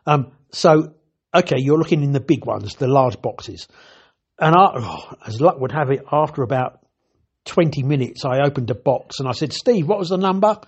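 With the high frequencies cut off in the recording, an older man speaks at a moderate pace in a medium-pitched, slightly rough voice. Once a TV technician, now retired, he shares anecdotes with chatty, self-interrupting dry humor.

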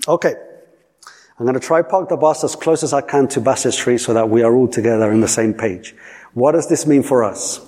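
A man's voice: medium pitch, a little fast, warm tone. A man preaching a sermon, repeating phrases for emphasis and asking the listeners questions. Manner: repetitive, emphatic, asks the audience questions.

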